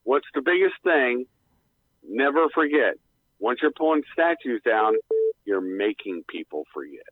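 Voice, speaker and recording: A man's voice: medium pitch, sing-song, measured pace. A man calling into a radio show, rambling bluntly with lots of fillers and the odd swear word. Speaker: guest on call-in show. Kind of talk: casual rambling radio talk. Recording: tinny phone line.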